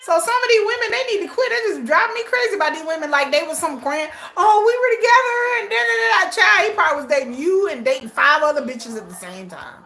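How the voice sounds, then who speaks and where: Give me a woman with a lively, bouncy voice, bluntly reacting to a reality show. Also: high-pitched, quick pace, hardly any pauses. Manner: blunt, animated, slangy. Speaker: live watch-along host. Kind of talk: casual commentary on a TV show.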